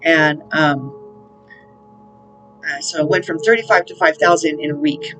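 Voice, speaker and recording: A woman's voice: sits low, steady tone, measured pace, music in the background, low-quality recording. A woman hosting her own spiritual channel, talking in a rambling, casual monologue with plenty of fillers and the odd swear word. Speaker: spiritual counselor and channel host.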